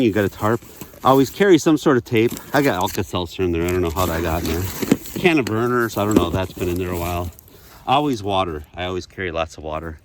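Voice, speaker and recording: A man's voice: lowish voice, background noise. A middle-aged man casually talking through a how-to vlog outdoors in snowy woods, chatty and rambling with jokes. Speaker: outdoors vlogger.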